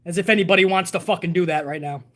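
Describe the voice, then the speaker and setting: A man hosts a live stream, firing off words rapidly in a high, fairly bright voice. His laid-back chatter is full of profanity, and he responds to viewer messages as they come in.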